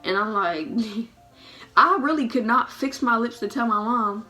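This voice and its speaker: A woman's voice: fairly high pitch, unhurried, faint music behind. A woman in her early twenties telling a personal story in a casual vlog, acting out what others said and laughing often. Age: 20s. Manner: animated, acts out quotes with laughs. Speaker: vlogger.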